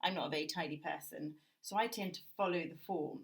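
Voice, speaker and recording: A woman with a British accent teaching a drawing lesson, explaining gently and thinking aloud as she draws. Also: low-pitched, fast talker, poor audio. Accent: British English. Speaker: art teacher. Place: indoors at a drawing table.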